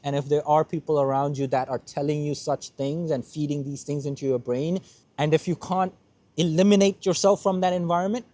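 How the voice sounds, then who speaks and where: A man's voice: fairly high pitch, fairly even intonation, a little fast, mellow. A young man hosting a motivational podcast, speaking earnestly in a heartfelt monologue and repeating his points for emphasis. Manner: earnest, repeats himself for emphasis, close to tears at times.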